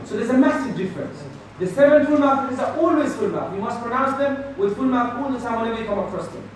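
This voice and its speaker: A man teaching a tajweed class, drilling letters loudly for the students to repeat, then explaining softly. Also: extremely high pitch, animated, fast, slight background noise. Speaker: Quran recitation teacher. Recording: echoey room from far off.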